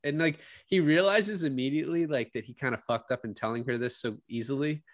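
A man's voice: mid-range voice, brisk, dry recording, studio quality. A man co-hosting a casual movie review podcast, retelling scenes animatedly and swearing freely. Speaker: podcast co-host.

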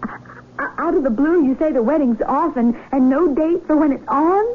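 An actress in a 1970s radio drama playing a spirited young woman engaged to the doctor, chatty and quick to answer back. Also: fairly high pitch, lively intonation, husky. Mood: angry. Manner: chatty and bright, turning hurt and sharp. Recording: tinny narrow broadcast with faint hiss.

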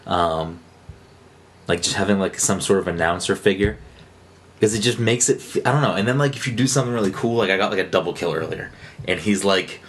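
A man co-hosting a podcast in casual chat, rambling and excitable with lots of fillers and restarts. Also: low-pitched, fairly quick. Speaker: podcast co-host. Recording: faint background noise.

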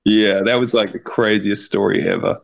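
A man's voice: fairly low pitch, fairly even intonation, normal speed, creaky. A young man in his twenties with a New Zealand accent, a guest telling a story casually over a video call and peppering it with "like". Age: 20s. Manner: rambling, heavy use of "like". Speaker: guest musician.

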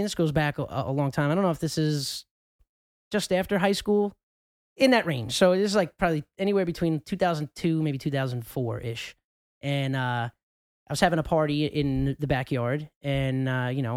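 A man's voice: on the high side, moderate pace, no room sound, studio quality. Rambling casual podcast host, man. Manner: rambling, lots of fillers. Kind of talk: casual chat, storytelling. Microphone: close podcast mic.

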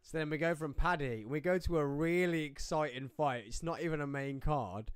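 A man's voice: a little high, moderate pace, clear, resonant tone, no room sound. Joking man chatting live. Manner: joking, teasing, stumbles over names. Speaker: co-host of a live fight watch-along. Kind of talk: casual chat.

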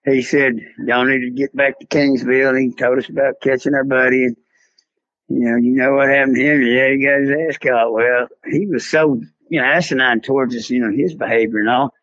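A man's voice: mid-range voice, steady tone, fairly quick, fairly bright tone, dry recording, dull audio. Drawling Texan man telling a long story. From South Texas. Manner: drawling, rambling storyteller, acts out voices in quotes. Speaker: guest. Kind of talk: storytelling in an interview.

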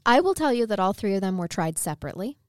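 A woman co-hosting a true crime podcast reads out the case evidence in a steady, matter-of-fact voice. Her pitch sits in the middle range, and the recording is close and dry with no room sound. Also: rapid-fire, no room sound.

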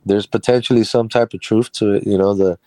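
A man's voice: lowish voice, fairly even intonation, brisk, warm tone, dry recording. A man who runs a carpentry business, telling a personal story as an interview guest in a chatty, rambling way with frequent laughs.

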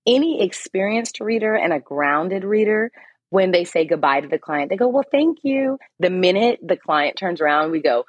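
A woman's voice: lowish voice, normal speed, no echo, lo-fi sound. A woman guest on a podcast, a psychic medium talking candidly and casually, laughing often and swearing now and then.

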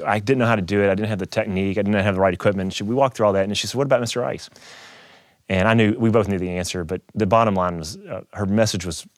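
Middle-aged man, animated storyteller, quick delivery, close dry mic. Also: lowish voice, dry recording. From Kentucky, USA. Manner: animated storyteller who acts out quoted voices. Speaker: keynote speaker, guitarist. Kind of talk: casual storytelling interview.

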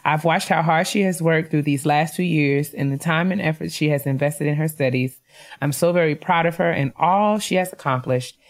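A woman co-hosting a podcast, reading listener shout-outs and cheering them on, laughing easily. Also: deep voice, moderate pace. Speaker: podcast co-host. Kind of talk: casual chat, reading listener emails.

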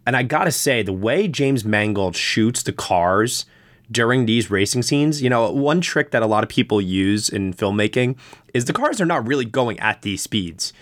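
A man hosting a casual film review podcast, chatting in a conversational way and getting animated when he explains things, with a lot of fillers. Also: medium pitch, moderate pace, dry recording.

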